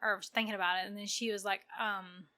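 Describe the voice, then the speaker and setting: A young woman co-hosts a casual book podcast with a bright, clear voice. She retells scenes in an animated, chatty way, full of fillers. The talk is relaxed and conversational. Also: medium pitch, fast. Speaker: podcast co-host. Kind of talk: casual book-review chat.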